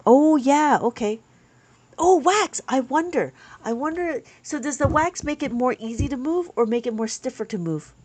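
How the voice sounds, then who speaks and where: A woman's voice: high-pitched, expressive, moderate pace, a little mellow. A woman teaching abacus on a live stream, chatting with viewers and reading their comments aloud.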